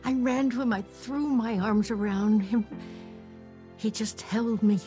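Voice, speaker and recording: An actress playing an elderly woman who served as a nurse in a great war, recalling it softly and reflectively, sometimes dropping to a whisper. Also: fairly high pitch, a little slow, soft background music, natural voice. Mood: moved. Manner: soft, reflective, drops to a whisper at times. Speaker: former wartime nurse recalling her past. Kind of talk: first-person docudrama narration.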